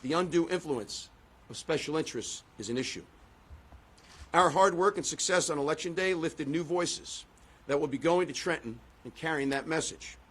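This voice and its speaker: A political candidate with a fairly high, slightly bright voice gives a concession speech and then takes questions from the press. His style is rhetorical, and he drives points home by repeating phrases.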